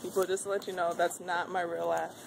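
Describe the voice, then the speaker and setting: A woman's voice: on the low side, flat delivery, fairly quick, vocal fry. A woman guesting on a vlog, making teasing wisecracks while walking through a big retail store. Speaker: guest co-host. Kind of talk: goofy vlog banter. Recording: noisy store ambience.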